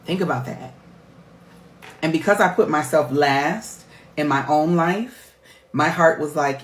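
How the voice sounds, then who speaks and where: A woman's voice: sits low, measured pace, long pauses. A middle-aged woman, a life coach, talking candidly to her viewers in a heartfelt, emphatic, chatty way. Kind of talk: candid personal vlog talk. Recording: roomy echo.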